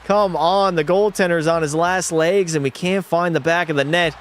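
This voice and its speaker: This gaming streamer is a young man whose slightly high voice moves at a moderate pace over a bit of background noise. He narrates a hockey video game with lively play-by-play, swears without holding back, and talks to his chat.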